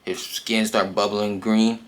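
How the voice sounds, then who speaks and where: A man casually retelling a comic book in slangy, animated speech full of fillers. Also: on the low side, slow pace.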